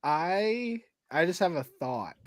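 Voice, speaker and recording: Slow high teasing male panelist. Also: sing-song, no echo. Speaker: panel guest. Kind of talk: casual panel chat.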